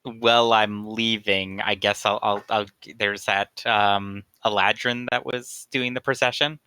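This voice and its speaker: A man's voice: on the low side, steady tone, unhurried, pushed and bright, smooth, no room sound, poor audio. A man playing a tabletop game on a call, describing his character's moves hesitantly with many fillers. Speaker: player.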